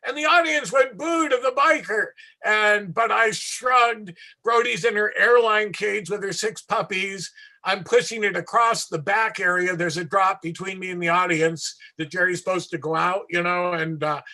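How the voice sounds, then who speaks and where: A man who works as a street performer, telling a long anecdote in an interview with animated asides and acted-out voices. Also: sits high, moderate pace.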